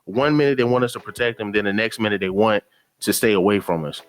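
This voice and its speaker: Low-voiced man hosting reactions. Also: fast talker, soft background music. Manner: argumentative, preachy. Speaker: reaction video host. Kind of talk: reaction commentary.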